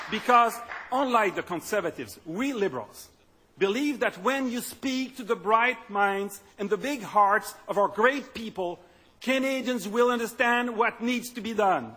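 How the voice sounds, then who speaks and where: A man's voice: sits high, sharp tone, slight background noise. A man giving a political speech as party leader, emphatic and stumbling into repetitions at times.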